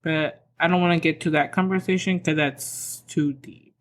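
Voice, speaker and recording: A woman's voice: low-pitched, fairly even intonation, normal speed. Chatty woman telling family stories. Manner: chatty, rambling, lots of "like", acts out quotes. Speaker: podcast host. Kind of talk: casual storytelling monologue.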